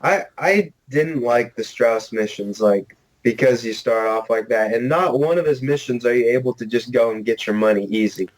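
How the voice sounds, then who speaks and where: A man's voice: medium pitch, normal speed, hardly any pauses, poor audio. A man co-hosting a podcast in casual chat, laid-back, often answering with short agreeing replies. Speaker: podcast co-host.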